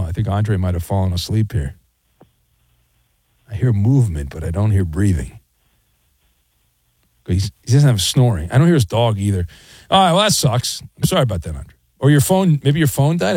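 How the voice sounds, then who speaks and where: A man's voice: lowish voice, sing-song, normal speed, long pauses, darkish tone, husky, no echo. A male radio talk show host, sarcastic and joking while taking calls in a studio. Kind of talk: casual sports talk radio.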